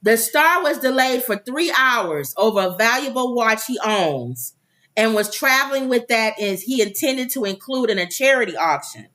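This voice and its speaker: A woman co-hosts a casual talk show, reading celebrity news items aloud. Her voice sits a little high and moves a lot. She keeps stopping to joke and throw in voices. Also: animated, moderate pace, fairly bright tone.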